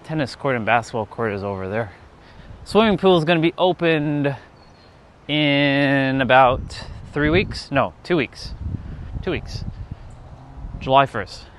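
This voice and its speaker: Slow-talking man, casual stream chat. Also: mid-range voice, lively intonation, a little hiss or hum. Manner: rambling, lots of fillers, laughs at himself. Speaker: live streamer. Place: outdoors near a park.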